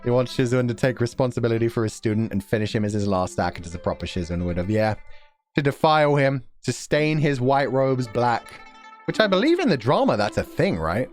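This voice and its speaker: A man reading a novel aloud on stream and reacting to it in a giggly, profane, excitable way. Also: mid-range voice, brisk. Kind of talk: casual stream commentary and read-aloud. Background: faint music.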